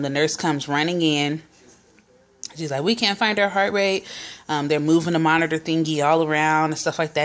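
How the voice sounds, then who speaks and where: A young woman vlogger casually telling a personal story, chatty, full of fillers and quoted dialogue. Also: low voice.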